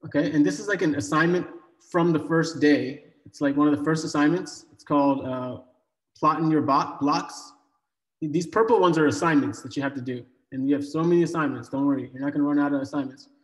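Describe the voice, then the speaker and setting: A man's voice: on the high side, steady tone, brisk. A man teaching a live online coding class in a casual, joking way, with many fillers and restarts. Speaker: coding bootcamp instructor. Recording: echoey room with long reverb.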